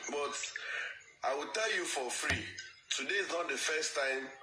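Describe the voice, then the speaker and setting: A man's voice: a little high, measured pace. A Nigerian man hosting a live call-in, mixing English and Yoruba as he advises and reassures a guest. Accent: Yoruba-influenced Nigerian English. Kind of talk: live-stream call-in talk. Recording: echoey room with music behind.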